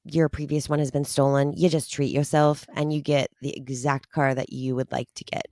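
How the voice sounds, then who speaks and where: A woman's voice: very deep voice, level tone, moderate pace, a little mellow, no echo, studio quality. A woman co-hosting a podcast, talking enthusiastically and rambling with frequent ums. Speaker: podcast co-host. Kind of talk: casual chat.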